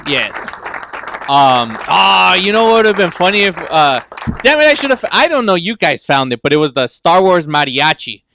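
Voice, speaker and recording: A man's voice: sits high, big pitch swings, moderate pace, creaky, pushed and bright, some chatter behind, a little hiss or hum. A man hosting a live podcast in casual chat, joking and rambling, from Southern California. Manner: joking, rambling, laughs often. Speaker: podcast host.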